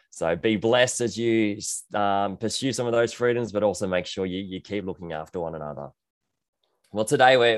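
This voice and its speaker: A man preaching a sermon to his church over a video call, gentle and earnest, with frequent ums and restarts. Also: lowish voice, no room sound. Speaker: pastor.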